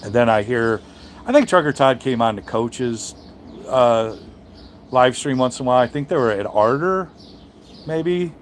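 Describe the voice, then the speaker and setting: A man's voice: mid-range voice, lively intonation, unhurried, long pauses, slight background noise. A man who drives trucks, chatting casually on a live stream and answering viewers, blunt and profane, rambling with many restarts.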